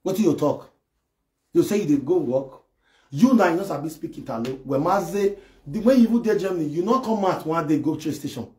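A man doing a comic live-stream rant, excitable and mocking as he acts out imagined scenes. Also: a little high, brisk. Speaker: comedy live video host. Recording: echoey room.

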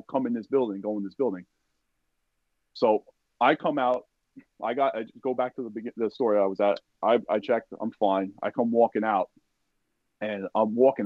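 A man with a lowish voice, an army veteran appearing as a podcast guest, tells a war story in casual, profane language. He animatedly acts out what others said and leans heavily on "like" and "you know." The podcast audio is dull and dry, with no echo.

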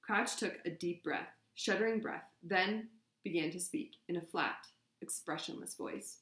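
A woman's voice: on the low side, normal speed, fairly bright tone. A woman hosting a podcast, reading a story aloud and chatting casually with fillers. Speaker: podcast host. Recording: roomy echo.

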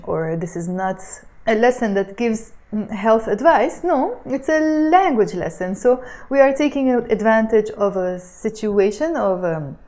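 A woman teaching a spoken Arabic lesson, who has a cough, pronouncing words slowly and carefully and switching between languages. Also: mid-range voice, a little mellow.

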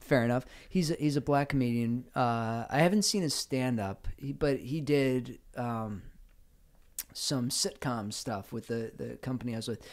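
A man's voice: medium pitch, normal speed. A man chatting as a guest on a casual podcast, asking questions and chuckling. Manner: curious, asks questions, chuckles.

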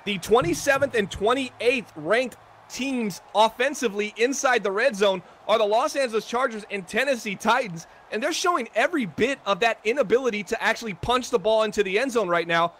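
A man's voice: high voice, a little fast, fairly bright tone, slight background noise. A man giving chatty, analytical color commentary on a video game football broadcast. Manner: analytical, chatty, self-deprecating.

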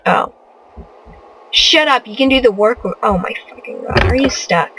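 A woman's voice: high voice, expressive, slow, pauses often, heavy background noise. A young woman hosting a casual let's play, commenting on her game, often exasperated and cursing at the characters she controls. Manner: exasperated, swears a lot, scolds the game characters. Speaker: gaming channel host.

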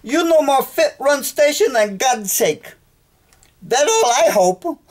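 A man voicing a flustered male traveler who yells in broken English, pitched well above his own voice. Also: expressive, takes it slowly, heavily acted. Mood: exasperated. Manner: shouting, high and pushed.

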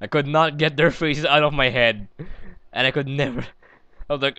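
A man's voice: mid-range voice, fairly even intonation, normal speed, pushed and bright, smooth, dry recording, highs cut off. A man hosting a let's play, rambling and giggling through casual gameplay commentary as he talks to himself.

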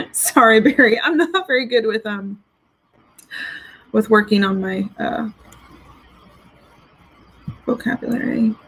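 A woman's voice: a little high, takes it slowly, long pauses, a bit bright, husky, low-quality recording. Chatty woman reviewing perfumes. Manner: chatty, giggly, reads out viewer comments. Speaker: fragrance reviewer. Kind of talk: casual live-stream chat. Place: home with dogs.

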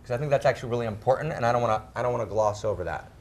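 A middle-aged man speaking to a live audience, emphatic, often tagging his phrases with "right?" and slowing down to stress key words. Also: medium pitch, slight background noise. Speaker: speaker on spirituality and sexuality. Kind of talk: animated talk to a live audience.

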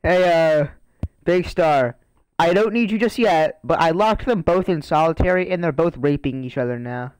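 A man's voice: a little high, normal speed, smooth, rough recording. Bossy young man barking orders. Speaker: game player acting as prison guard. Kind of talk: casual game role-play over voice chat.

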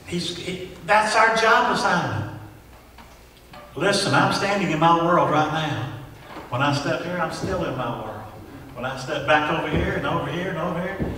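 A pastor preaches a sermon in a church sanctuary, pressing his points with rhetorical questions and drawing call-and-response from the congregation. His voice is fairly high, lively in intonation and sharp in tone, at normal speed. The distant mic picks up the echoey hall and a little hiss or hum.

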